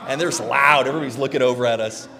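A middle-aged man preaching a sermon as pastor, conversational and animated, often checking in with "right?". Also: mid-range voice, rapid-fire, long reverb tail.

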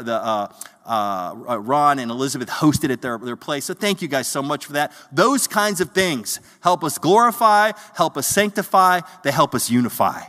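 A man's voice: a little high, pushed and bright. A man preaching a sermon as the pastor, earnest, often repeating words as he searches for them. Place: church hall. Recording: long church hall reverb.

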